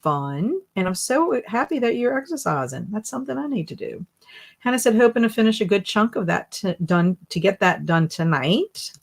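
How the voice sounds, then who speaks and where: A woman hosting a casual live stream, chatty and animated as she reads viewer comments aloud and reacts to them. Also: medium pitch, normal speed, vocal fry. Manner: animated and emotional. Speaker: livestream host.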